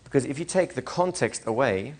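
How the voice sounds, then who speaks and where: A man lecturing a live class as a hypnosis trainer, animated, asking the room questions and acting out little scenes. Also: mid-range voice, a little fast.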